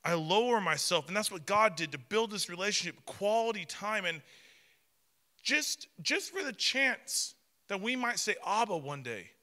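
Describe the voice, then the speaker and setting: A man in his thirties, a pastor preaching a sermon and telling family stories in an animated way with playful acted quotes. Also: high voice, big-room sound.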